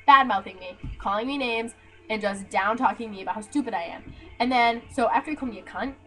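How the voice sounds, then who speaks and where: A young woman venting to her camera in a blunt, profane, animated way, telling a story to her viewers. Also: on the high side, quick pace, faint music behind, poor audio. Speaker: vlogger.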